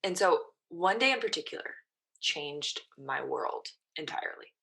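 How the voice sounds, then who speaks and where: A woman's voice: low-pitched, lively intonation, measured pace, vocal fry, sharp tone, a little hiss or hum. A woman in her thirties, a mental performance coach, casually telling her story as a podcast guest and quoting her own past thoughts.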